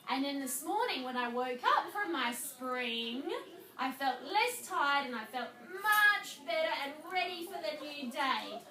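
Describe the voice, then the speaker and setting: A woman teaching a reading lesson in a classroom, speaking slowly and clearly and drawing out words as she claps their syllables. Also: high voice, expressive, bright, forceful tone, distant mic. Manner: slow, clear, drawn-out words clapped in syllables. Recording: echoey classroom recorded from afar, with noise.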